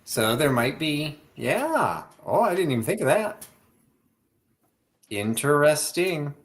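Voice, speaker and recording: A man's voice: on the high side, very animated, takes it slowly. A man co-hosting a live sale stream, chatting casually and telling stories that trail off mid-sentence. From US Midwest. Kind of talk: casual chat.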